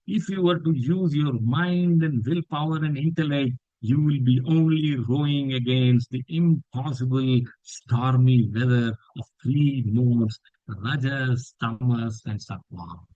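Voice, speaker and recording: A man teaching a scripture class, telling a story with lively swings in his voice for quoted lines. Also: no echo, highs cut off. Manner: animated storytelling that lifts pitch for quoted lines. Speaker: spiritual teacher.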